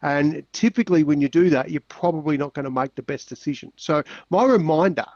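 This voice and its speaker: An older Australian man co-hosting a podcast, blunt and crude, quick to swear and rib his mate. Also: on the high side, a little mellow, dry recording. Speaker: podcast co-host. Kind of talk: casual podcast banter. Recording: dull, dry lo-fi sound.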